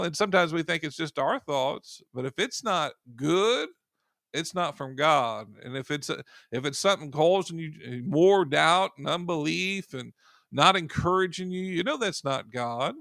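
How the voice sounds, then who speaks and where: A man's voice: on the high side, expressive, normal speed, gravelly, fairly bright tone, dry recording, clean studio sound. A man preaching an informal sermon in a conversational way, full of "you know" asides and sudden emphatic rises.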